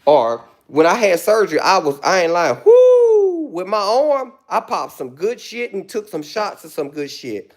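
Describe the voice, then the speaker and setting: A man hosting a live stream, ranting loudly with insults and rambling asides. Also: high voice, very animated, moderate pace, few pauses. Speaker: livestream host. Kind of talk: profane rant on a live stream.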